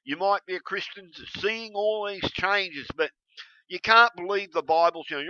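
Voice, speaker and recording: A man ranting heatedly to camera, swearing constantly and breaking into yelled bursts. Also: sits high, a little slow, no echo. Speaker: video blogger. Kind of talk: angry profane rant to camera. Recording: dull lo-fi recording.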